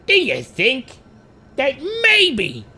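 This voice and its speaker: A man doing a comic voice of a fretful, whiny middle-aged man who pleads in a drawn-out whine. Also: very high-pitched, huge pitch swings, bright, forceful tone, husky, pitched above the performer's own voice, exaggerated voice.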